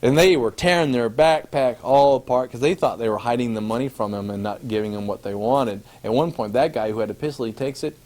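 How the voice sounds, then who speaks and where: A man with a fairly low voice tells an audience a personal travel story, animatedly acting out scenes and laughing at his own tale.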